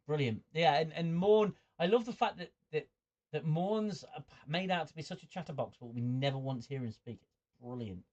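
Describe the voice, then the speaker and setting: A man's voice: on the high side, lively intonation, moderate pace, darkish tone, lo-fi sound. A man hosting a livestream chat and reading viewer comments, stammering and repeating words as he thinks, with a mid-range voice and frequent chuckles. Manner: chuckles often, chatty. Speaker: host.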